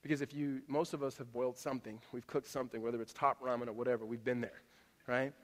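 A man preaching a sermon as a pastor to a church congregation, talking in a conversational, animated way with frequent restarts. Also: mid-range voice, quick pace. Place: church auditorium. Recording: long hall reverb.

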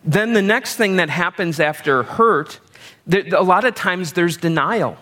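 A middle-aged man preaches in a relaxed, conversational way. His voice sits a little higher than most men's. He leans on self-deprecating humor and homely examples to make his point. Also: unhurried. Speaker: pastor. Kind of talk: sermon.

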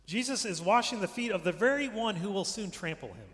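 Male preacher with a slightly high voice, emphatic and repetitive, dropping to a hush on key words; recorded with long church-hall reverb. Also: lively intonation, a little fast. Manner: emphatic, repeats phrases, drops to a hush at line ends. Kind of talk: sermon.

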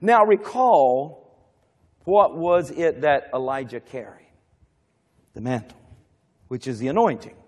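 A man's voice: medium pitch, animated, takes it slowly, long pauses. A male pastor preaching a sermon in a church, telling the story dramatically and calling out to the congregation. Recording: long hall reverb.

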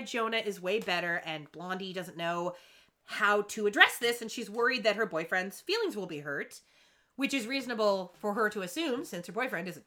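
A woman co-hosting a casual chat podcast, recapping a TV episode with sarcastic asides. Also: medium pitch. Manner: animated, sarcastic recapping with quoted dialogue. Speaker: podcast co-host recapping a show.

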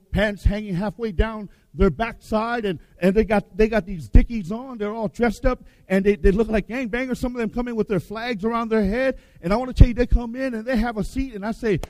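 A man preaching a revival sermon, emphatic, repeating his phrases and swinging between loud and hushed. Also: sits high, no echo. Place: church hall with baptism tank.

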